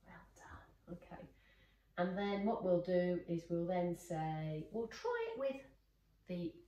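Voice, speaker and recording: Woman dog trainer, lowish voice, encouraging, recorded from across an echoey room with faint noise. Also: lively intonation, slow pace, dark tone, far from the mic. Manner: praising, encouraging. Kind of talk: casual training demonstration.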